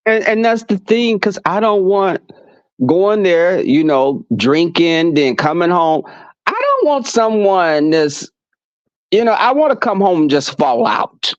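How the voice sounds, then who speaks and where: A man guesting on a livestream chat, telling animated stories, laughing often and acting out quotes. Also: high-pitched, measured pace, no echo. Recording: dull lo-fi sound.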